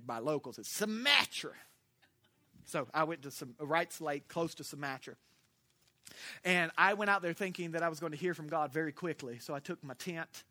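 A man's voice: fairly high pitch, sharp tone. A man pastor from Florida with a Southern accent, preaching a sermon through humorous, folksy storytelling.

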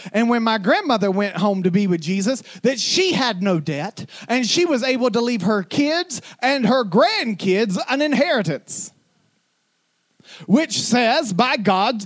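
A man preaching a sermon as a pastor, retelling stories with building intensity. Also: extremely high pitch.

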